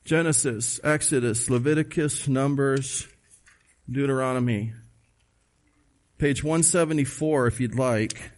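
A man's voice: mid-range voice, a little slow, pauses often. A man preaching a sermon, emphatic and conversational, asking the listeners questions and reading scripture aloud. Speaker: pastor.

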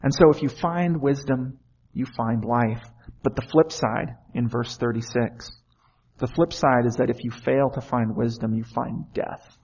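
A man's voice: mid-range voice, measured pace, a little mellow, husky, lo-fi sound. A man preaching a sermon in an earnest way, often asking the listeners questions.

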